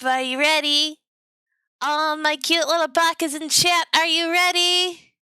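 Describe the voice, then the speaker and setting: Young woman, streamer, high voice, slow playful delivery, giggly, teasing, dry close mic. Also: level tone, sharp tone, no room sound. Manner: giggly, silly, teasing, sing-song. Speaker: VTuber streamer. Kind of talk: playful live stream chat.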